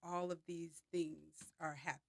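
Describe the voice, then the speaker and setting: A woman hosts a relaxed discussion, talking in a somewhat low voice with a lot of animation, filler words and laughter. The sound is close and dry, with no room echo. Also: normal speed, creaky. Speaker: discussion host. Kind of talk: casual group discussion.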